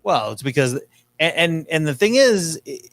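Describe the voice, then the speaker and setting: A man's voice: on the high side, sing-song, normal speed, fairly bright tone, no echo. A man hosting a podcast, riffing sarcastically on news clips in casual chat. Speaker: podcast host.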